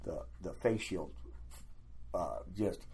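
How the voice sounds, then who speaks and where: An older man, a guest, telling lively anecdotes in a casual storytelling way and acting out what other people said. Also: low-pitched, takes it slowly. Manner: animated anecdotes, acting out quoted voices.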